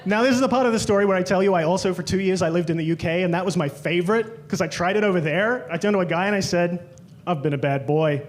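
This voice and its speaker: A man's voice: sits high, rapid-fire, hardly any pauses. An Australian man doing a stand-up comedy set in a club, telling stories and quoting people in exaggerated voices. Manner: animated storytelling, quoting others in exaggerated voices.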